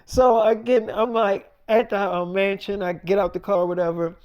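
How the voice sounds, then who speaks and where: A man's voice: high-pitched, fairly even intonation, moderate pace, a little mellow, clean tone. A man telling a long made-up story in a casual, rambling way. He swears a lot and keeps saying "I'm like".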